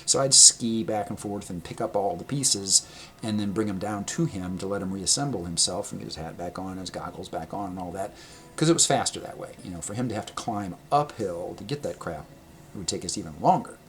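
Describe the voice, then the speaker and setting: A man casually telling a personal travel story, rambling and correcting himself, laughing often and getting animated when he quotes people. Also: low-pitched, brisk, a little hiss or hum. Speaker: vlogger.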